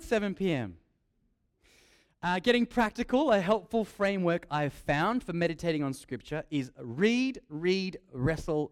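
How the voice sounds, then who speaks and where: A young man preaching a sermon, lively and joking, repeating his key phrases. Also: fairly high pitch.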